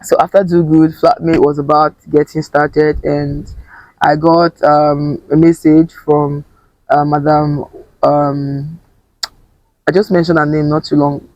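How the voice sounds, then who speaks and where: Animated Nigerian woman, dry close sound. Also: low-pitched, slow, dry recording, dull audio. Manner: animated, mixing English with Pidgin, laughs often. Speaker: actor guest. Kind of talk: casual interview chat.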